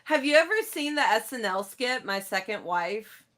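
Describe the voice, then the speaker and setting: A woman's voice: a little high, animated, normal speed, a bit bright. A woman co-hosting a casual podcast chat, giggling often. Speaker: podcast co-host.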